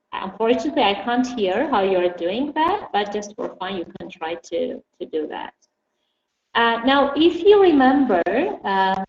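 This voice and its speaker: A woman teaching a class online, explaining slowly and patiently and putting questions to her students. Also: a little high, darkish tone. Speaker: English teacher. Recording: dull echoey room with faint hum.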